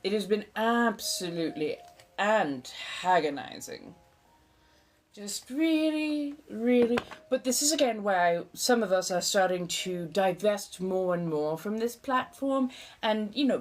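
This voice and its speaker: Hosting a livestream, a woman in her forties talks nonstop in an affected, old-timey American accent, addressing viewers as darling. Her voice sits at a medium pitch, her manner is theatrical and flowery, and there's a little background noise.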